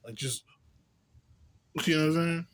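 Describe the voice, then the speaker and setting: A man's voice: fairly high pitch, a little slow. A young man, a little tipsy from beer, talking loosely in a rambling vlog monologue with lots of slang, fillers and swearing. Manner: loose, profane, filler-heavy slang talk. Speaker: vlogger.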